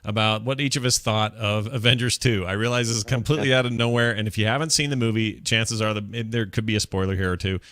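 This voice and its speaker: A man hosting a gaming podcast, joking with his co-hosts and rattling off show plugs quickly. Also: on the low side, fairly even intonation, fairly bright tone, no echo, studio quality. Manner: brisk and joking, reads out plugs fast. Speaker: podcast host. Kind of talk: casual podcast chat.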